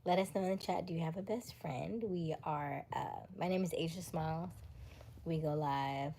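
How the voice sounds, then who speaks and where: A woman from the United States hosting a casual late-night livestream, chatting with viewers, reading their comments and dropping into soft whispers. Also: low voice, normal speed, creaky, a little hiss or hum. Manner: chatty, laughs often, reads viewer comments aloud; drops into soft whispers between remarks. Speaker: livestream host.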